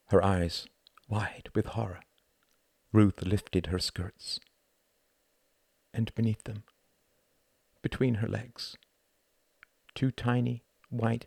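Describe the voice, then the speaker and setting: A man who wrote the novel reads his own audiobook in a measured, expressive way. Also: fairly low pitch, creaky, dry recording, clean studio sound. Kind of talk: dramatic audiobook narration.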